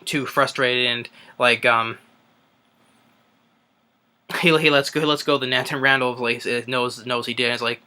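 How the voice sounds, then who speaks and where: A young man talks through a film's plot in a loose, rambling way, full of "um"s and false starts. His voice is bright and clear, and his pitch sits in the middle. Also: flat delivery, moderate pace, long pauses. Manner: rambling, many fillers and restarts. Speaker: movie reviewer. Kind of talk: casual spoken movie recap.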